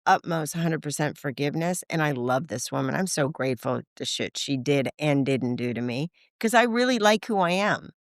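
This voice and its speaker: An older woman speaking as a podcast guest, frank and animated, swearing casually and acting out the voices in her stories. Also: low voice, moderate pace, hardly any pauses, dry recording, clean studio sound. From United States. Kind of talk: candid conversational interview.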